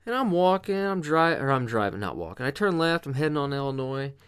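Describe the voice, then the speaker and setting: A man's voice: on the high side, very animated, brisk, a bit bright, smooth. A man hosting a podcast, delivering a casual, profanity-laden monologue full of exasperation. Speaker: podcast host.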